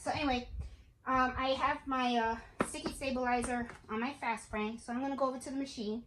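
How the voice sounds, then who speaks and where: A woman hosts a casual crafting how-to vlog from her home craft room, chatting to viewers and often checking in with an "okay?". Her voice sits high with fairly even intonation and a slightly fast pace, captured by a camera on a tripod in an echoey room with faint noise.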